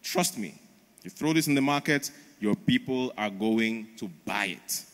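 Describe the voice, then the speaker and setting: Man doing a pushy, mocking British trader, pitched a little up, long hall reverb. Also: lively intonation, unhurried, fairly bright tone. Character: bullying British trader demanding a deal, male.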